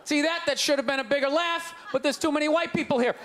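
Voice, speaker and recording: A man in his forties doing a loud, exasperated, mocking stand-up rant on a club stage with a handheld mic. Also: very high-pitched, fast. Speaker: stand-up comedian. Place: comedy club stage before a live audience. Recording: live club recording with crowd laughter and noise.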